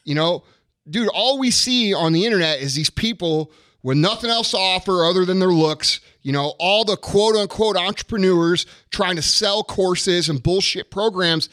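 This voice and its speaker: A man's voice: high voice, normal speed, a bit bright, no room sound, studio quality. A man in his thirties hosting a podcast, ranting in a casual, profane and frustrated way. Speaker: podcast host.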